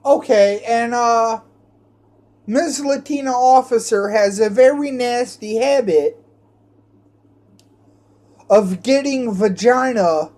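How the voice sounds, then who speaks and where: A man's voice: very high-pitched, takes it slowly, long pauses, a little mellow. A man ranting in a rambling, profane monologue, repeating his phrases and restarting them often. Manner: repetitive, restarts phrases, swears heavily.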